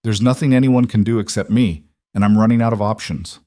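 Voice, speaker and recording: A man's voice: lowish voice, brisk, warm tone, no room sound, studio quality, natural voice. A man voicing an exhausted, proud young working woman in a storybook reading, his voice raised for her. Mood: strained. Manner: strained, weary, defensive.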